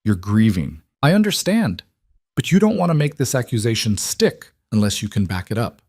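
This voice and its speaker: A man's voice: on the low side, sing-song, normal speed, a little mellow, no room sound, clean studio sound. A man voicing an older male crime boss who taunts his rival in a sly, mocking way. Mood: smug.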